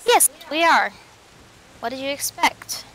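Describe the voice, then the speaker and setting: A woman's voice: high-pitched, very animated, measured pace, a bit bright, slight background noise. A woman chatting casually and teasing her partner while they play an online game together at home. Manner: playful, teasing banter. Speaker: gamer co-playing online game. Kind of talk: casual gameplay chat.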